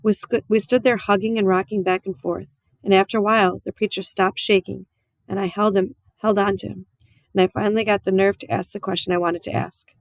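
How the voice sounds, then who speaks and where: A woman reading a children's novel aloud in a calm, measured voice that sits in a middle range. The recording is close and dry, with no room echo. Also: medium pitch, creaky. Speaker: audiobook reader. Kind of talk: storybook read-aloud narration.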